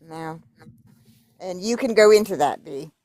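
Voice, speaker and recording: A woman's voice: fairly low pitch, animated, measured pace, darkish tone, no room sound. Woman reading emails aloud, dry sound. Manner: blunt, profane asides between readings. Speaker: YouTube commentator.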